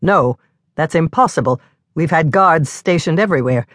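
A woman's voice: low voice, expressive, normal speed, dry recording, clean studio sound. A woman reading an anguished, resolute male official in an urgent voice for an audiobook. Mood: urgent, grim.

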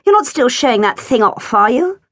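A woman doing a sour, sarcastic flatmate. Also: high voice, fairly quick, no room sound, clean studio sound, pitched above the performer's own voice. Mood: disapproving. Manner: muttering, disapproving.

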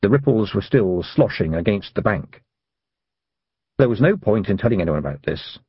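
Husky, lively male audiobook narrator. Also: on the low side, moderate pace, no echo, lo-fi sound. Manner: lively, expressive reading. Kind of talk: scripted storybook narration.

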